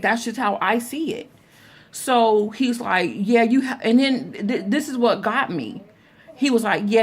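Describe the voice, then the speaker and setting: A woman's voice: a little high, husky. A young woman telling a story to her viewers, chatty, calling them y'all, full of fillers and restarts. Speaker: vlogger. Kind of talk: casual storytime vlog.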